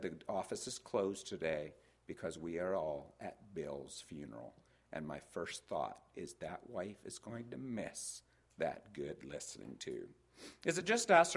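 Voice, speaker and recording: An older man preaching a sermon on marriage, telling folksy stories with hesitant restarts and quoting voices. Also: lowish voice.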